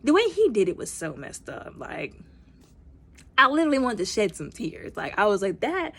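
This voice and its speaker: A woman's voice: medium pitch, sing-song, normal speed, a bit bright. Chatty woman recapping a movie. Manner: chatty, many fillers, acts out characters' lines; informal speech with y'all. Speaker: movie reviewer.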